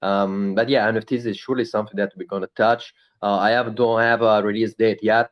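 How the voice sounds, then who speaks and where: A man with an Italian accent, not a native English speaker, answering questions about his project in a halting way, full of pauses and fillers. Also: on the low side, lo-fi sound. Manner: halting, searching for English words, many fillers. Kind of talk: casual live Q&A talk.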